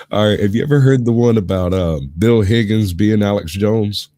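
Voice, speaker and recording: A sick man with a hoarse, gravelly voice, rambling and explaining in a casual chat as host of a live stream. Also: lowish voice, unhurried, warm tone, dry recording, clean studio sound. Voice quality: rough, gravelly. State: hoarse from illness.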